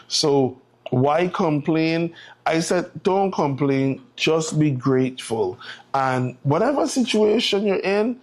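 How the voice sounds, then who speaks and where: A man with a Virgin Islands accent, hosting a live morning show and closing with an upbeat, encouraging monologue. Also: a little high. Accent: Virgin Islands English.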